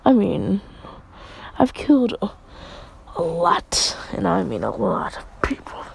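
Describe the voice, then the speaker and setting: Give me a woman playing a smug, taunting immortal young man with a breathy half-whispered, gravelly voice. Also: mid-range voice, huge pitch swings, takes it slowly, full character voice, low-quality recording.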